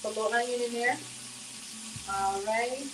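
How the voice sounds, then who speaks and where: Woman, home cooking host, chatty, folksy, casual, slightly high voice, kitchen sizzle in background. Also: steady tone, normal speed, background noise. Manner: chatty and folksy, addresses viewers as y'all and honey.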